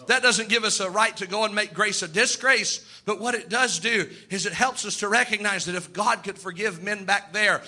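A man's voice: high voice, sharp tone. A man preaching a sermon, telling Bible stories and acting out the characters' voices, building up with emphatic repetition. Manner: storytelling, acts out Bible characters in quoted voices.

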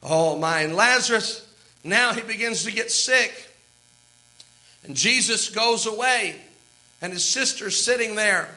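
High, bright-voiced preacher man. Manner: impassioned storytelling with sudden loud outbursts. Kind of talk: sermon.

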